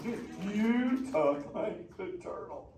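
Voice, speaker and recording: Crush, an excited surfer turtle. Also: male voice, high-pitched, takes it slowly, recorded from a distance, voice pushed up. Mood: playful. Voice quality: surfer slang, drawling dude talk. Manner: playful, laughing, teasing the audience. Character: laid-back surfer sea turtle dude. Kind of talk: live interactive show character. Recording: echoey theater from afar, noisy.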